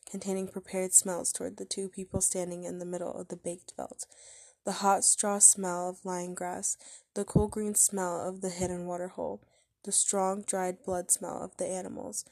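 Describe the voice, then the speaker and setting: A woman narrating a short story aloud in a measured, steady way. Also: medium pitch, dry recording.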